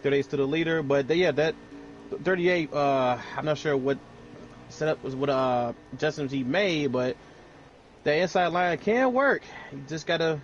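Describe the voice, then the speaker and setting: Relaxed male color commentator, stammering. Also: fairly high pitch, normal speed, lo-fi sound, slight background noise. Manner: relaxed, stammers and repeats words. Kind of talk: sim racing color commentary.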